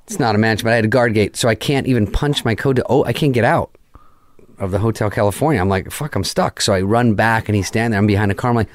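A man's voice: fairly low pitch, quick pace. A middle-aged man, a guest, telling a story in casual chat, swearing freely and acting out the lines of everyone in it. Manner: profane, animated, acts out quoted lines.

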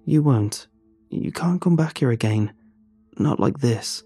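A man voicing a kind girl ghost who speaks sadly and gently. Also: mid-range voice, expressive, takes it slowly, husky, faint music behind, full character voice. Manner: sad and gentle. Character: sad, kind girl ghost, childhood friend.

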